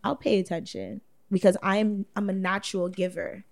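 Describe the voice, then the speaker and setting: A woman's voice: medium pitch, fairly even intonation, normal speed, creaky. A woman, a guest in a casual chat, talking bluntly with lots of swearing and frequent laughter. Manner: blunt, profane, laughs often.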